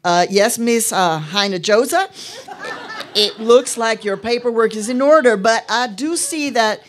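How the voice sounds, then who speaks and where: A woman voicing a tall male Texan immigration officer with a Texan accent, slow and folksy with hesitations. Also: fairly high pitch, a little hiss or hum, pitched above the performer's own voice, close to an everyday voice. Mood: officious.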